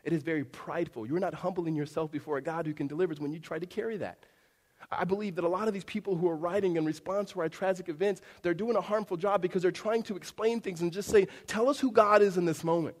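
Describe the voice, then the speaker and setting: Man preaching with loud and hushed swings. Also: quick pace. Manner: swings from loud emphatic peaks to hushed low lines; conversational storytelling with acted-out dialogue. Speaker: pastor. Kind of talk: sermon.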